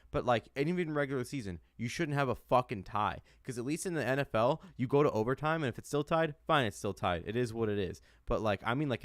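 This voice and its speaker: A man's voice: medium pitch, dry recording, clean studio sound. Fired-up man ranting about sports. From United States. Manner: heated, swears a lot, repeats himself. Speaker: podcast co-host. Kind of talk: profane sports rant.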